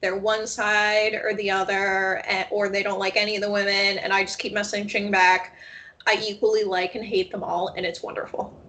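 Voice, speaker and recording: A woman co-hosting a casual chat show, telling stories in an animated way and quoting people as she goes. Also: mid-range voice, normal speed. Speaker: podcast co-host. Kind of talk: casual chat about reality TV.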